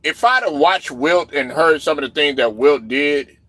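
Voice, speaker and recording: A man hosting a casual sports talk stream, rambling loosely with lots of fillers and getting loud when he's riled up. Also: fairly high pitch, normal speed, no room sound. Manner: loose, rambling, lots of fillers and "you know what I'm saying". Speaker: livestream host reading chat.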